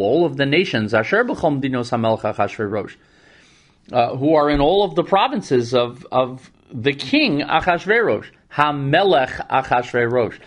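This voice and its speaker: A man leads a lesson on scripture with a very lively, expressive pitch that swings up and down. He breaks into chanted Hebrew verses and adds wry asides along the way. His voice sits in the middle of the male range. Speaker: Torah teacher.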